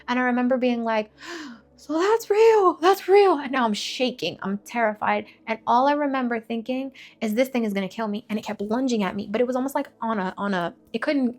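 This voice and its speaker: A woman's voice: fairly high pitch, moderate pace, few pauses, darkish tone. A woman giving an emotional personal testimony, telling her story vividly with many fillers and restarts. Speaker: testimony speaker.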